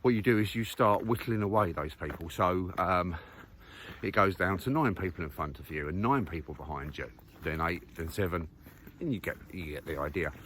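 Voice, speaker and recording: A man's voice: sits low, moderate pace, a bit bright, a little hiss or hum. A man talking casually while walking outdoors, thinking aloud with lots of fillers and restarts. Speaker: vlogger. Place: outdoors on a muddy countryside walk.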